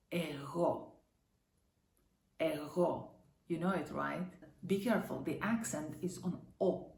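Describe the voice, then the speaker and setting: A woman teaching a language lesson, speaking slowly and spelling out each word with care. Her voice sits a little low and has a gravelly edge. She sounds cheerful and encouraging, and the room gives a clear echo. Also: darkish tone. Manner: upbeat, encouraging, slow careful pronunciation.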